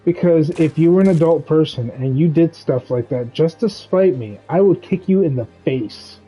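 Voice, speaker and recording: A man streaming a game, chatting casually in a rambling, animated ranting way. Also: a little high, normal speed, husky, soft background music, rough recording. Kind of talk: casual chat while gaming.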